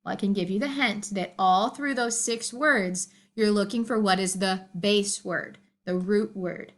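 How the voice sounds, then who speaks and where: A woman's voice: mid-range voice, a little slow. A woman teacher recording homework instructions, explaining reading and spelling tasks patiently step by step.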